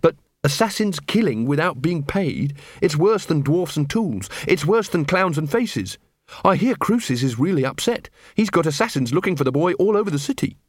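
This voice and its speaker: A man's voice: on the high side, sing-song, normal speed, no room sound, studio quality, voice pushed up. A man voicing an earnest, tired young city watchman who speaks plainly. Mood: weary.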